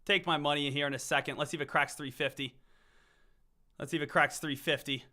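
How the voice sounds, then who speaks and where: A high-pitched, bright male voice calling live stock trades. He chants words over and over and swings between loud hype and forced calm. His tone stays tense and forceful. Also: fast. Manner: hyped, repetitive chanting, swings from shouting to calm. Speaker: stock trading streamer. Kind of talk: live trading commentary.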